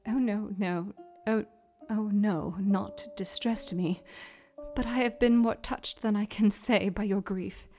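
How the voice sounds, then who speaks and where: A woman's voice: mid-range voice, fairly even intonation, takes it slowly, faint music behind. A woman playing earnest Victorian wife Mina. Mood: tender. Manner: soft, earnest and formal. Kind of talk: dramatized reading of a classic novel.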